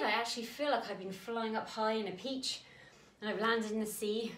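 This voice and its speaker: A woman's voice: a little high, moderate pace, fairly bright tone. A woman teaching a creative dance lesson for young children, talking straight to them in an encouraging way. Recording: echoey room, mic at a distance.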